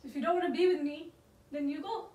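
Brief: high, bright woman pushing back, echoey room from a distance. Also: steady tone, quick pace. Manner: defiant, retorting. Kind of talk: heated domestic argument. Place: home indoors. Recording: echoey room from far off with noise.

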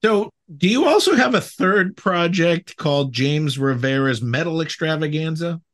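A man interviewing a musician for a podcast, asking measured, plain questions. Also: on the high side, animated, fairly bright tone.

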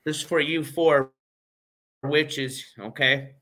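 A livestream host speaks slowly in a fairly high, steady, pushed and bright voice. He laughs often and rambles through fillers and restarts in casual talk, growing scornful and mocking.

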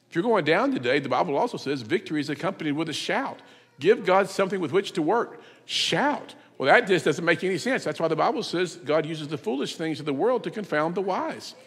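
Visiting preacher, male, emphatic sermon delivery with shouting peaks, reverberant church sound. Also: on the high side, slightly rough. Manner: emphatic, rises to loud shouts. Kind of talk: sermon with storytelling. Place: church sanctuary.

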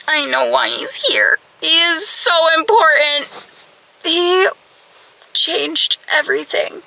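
A young woman book vlogger chats casually in a reading vlog, emphatic, gushing and exasperated, packing her speech with "like" and "you know what I mean." Her voice sits high, creaky, pushed and bright, and she speaks slowly. The recording is low quality.

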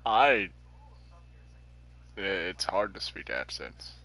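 A man's voice: deep voice, sing-song, drawn-out words, a crowd in the background. A man chatting casually with a friend during a game stream, playful and teasing. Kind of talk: casual chat.

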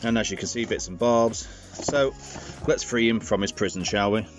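Male toy reviewer, lowish voice, casual and rambling. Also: normal speed, over music. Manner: chatty and rambling, jokey asides.

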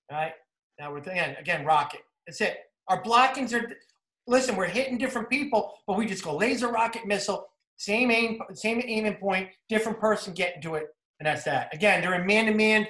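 Male football coach, New Jersey accent, high voice, energetic clinic talk in a roomy echo. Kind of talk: clinic talk narrating game film.

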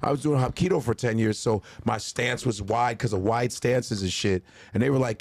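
Male comedy host, mid pitch, lively storyteller, dry close mic. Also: normal speed, vocal fry, no echo. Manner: animated storyteller acting out voices. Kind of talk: casual chat.

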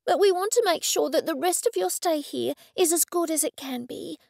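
A woman voicing a sincere, eccentric hostess who speaks gently and earnestly. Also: high voice, very animated, moderate pace, gravelly, no room sound, studio quality, pitched above the performer's own voice, heavily acted. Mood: consoling. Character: sincere, soothing eccentric woman hosting a dinner.

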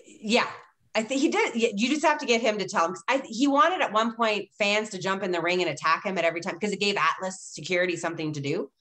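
A woman's voice: mid-range voice, fast talker, a bit bright. A woman guest in a casual video-call interview, gushing and laughing through wrestling stories.

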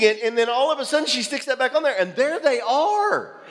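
Animated pastor in a reverberant hall. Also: male voice, very high voice, brisk. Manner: animated, self-deprecating storytelling. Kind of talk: sermon storytelling. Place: church auditorium.

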